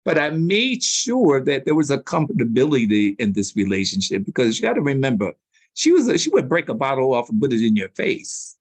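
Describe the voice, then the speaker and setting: A man in a sit-down interview, spinning anecdotes with loose street slang. His pitch swings widely as he tells a story, and the recording is close and dry, with no room echo. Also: huge pitch swings, brisk, slightly rough. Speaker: public relations consultant, interview guest.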